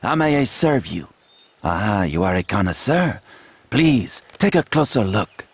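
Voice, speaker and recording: An actor playing a proud, flattering gunsmith with a French accent, in a video game. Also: male voice, fairly low pitch, unhurried, breathy edge, dry recording, exaggerated voice. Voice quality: fawning, theatrical salesman manner.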